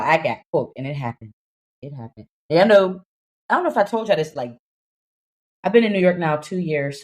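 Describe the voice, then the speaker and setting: A young woman talks fast and animated as a podcast co-host, spinning a casual story. Her voice sits a little low, and she keeps dropping into quick character voices for the people she describes.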